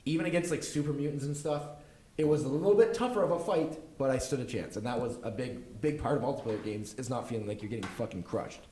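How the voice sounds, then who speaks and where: A man's voice: mid-range voice, fast talker, warm tone. A man hosting a casual gaming podcast, rambling loosely and swearing as he explains things. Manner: rambling, loose and profane, with frequent fillers.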